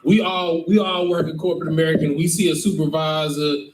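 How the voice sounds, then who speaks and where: A man leading a scripture class, who keeps stopping to ask whether his listeners follow. His voice sits a bit high, and it rings through an echoey room from well away from the mic, over a faint hiss. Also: level tone, fast, recorded from a distance. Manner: emphatic, keeps asking "you understand?". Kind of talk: interactive scripture lesson.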